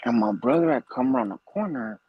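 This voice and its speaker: A man telling a story casually, animated and profane with streetwise slang. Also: mid-range voice, brisk, muffled recording, a little hiss or hum.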